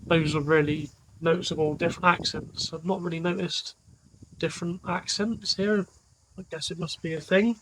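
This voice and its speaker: A man's voice: fairly high pitch, steady tone, moderate pace, fairly bright tone, slight background noise, rough recording. A man, chatting casually as a vlogger, rambling with lots of fillers. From England. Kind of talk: casual chat.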